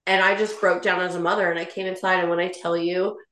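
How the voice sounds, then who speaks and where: A woman's voice: fairly low pitch, little pitch movement, quick pace, fairly bright tone, echoey room. A woman telling a heated personal story in a rambling way, full of "like" fillers and upset. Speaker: guest sharing a personal story. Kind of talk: emotional personal account.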